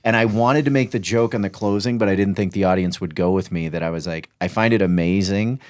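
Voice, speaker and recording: A man with a fairly low voice, co-hosting a podcast. He retells events emphatically and with animation, cutting in with quick corrections. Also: darkish tone. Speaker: podcast host. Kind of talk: casual chat.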